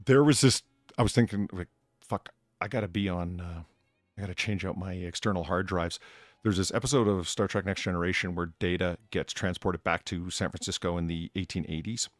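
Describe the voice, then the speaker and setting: A man hosting a casual chat stream, talking in an animated way and swearing freely, with faint music behind him. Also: sits low, brisk, no echo. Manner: animated, swearing, laughs at own jokes. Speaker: streamer host, bartender of the show.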